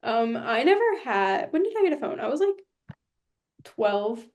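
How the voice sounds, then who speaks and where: Young woman, podcast co-host, higher-pitched voice, quick reactions, casual chat. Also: very animated, a little mellow.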